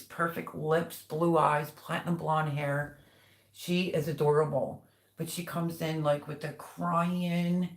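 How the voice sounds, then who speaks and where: Deep-voiced and heard in a roomy space, this older woman runs a live stream where she tells meandering family tales and reads out comments from viewers in a relaxed, chatty way.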